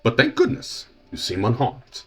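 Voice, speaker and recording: A man voicing a polite, excitable professor from a game in a prim, old-fashioned way. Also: mid-range voice, moderate pace, breathy edge, soft background music, voice pushed up, exaggerated voice. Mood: fussy. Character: polite fussy male professor, genteel and excitable.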